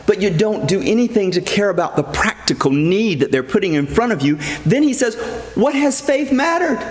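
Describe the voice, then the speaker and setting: A middle-aged man preaching a sermon as a priest, earnest and emphatic, repeating key phrases. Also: sits high. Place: church. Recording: echoey church hall with long reverb.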